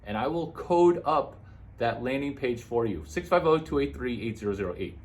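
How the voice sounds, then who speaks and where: A man, a comedian, talking through numbered business tips in a jumpy monologue full of quick asides and sudden leaps in pitch. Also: lively intonation. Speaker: comedian giving business advice.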